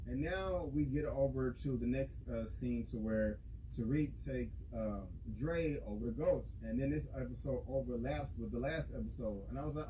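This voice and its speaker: Guy rambling through a tv recap, mellow voice, lots of you know and like, faint hiss behind. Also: medium pitch, moderate pace, rough recording. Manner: rambling, full of fillers, acts out characters' lines. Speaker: YouTube reaction host. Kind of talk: casual recap and commentary.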